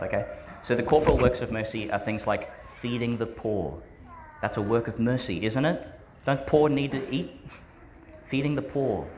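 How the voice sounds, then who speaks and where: A man's voice: mid-range voice, slight background noise. A man, a priest giving a homily to schoolchildren in a chatty, questioning way that often breaks into laughs. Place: school church service.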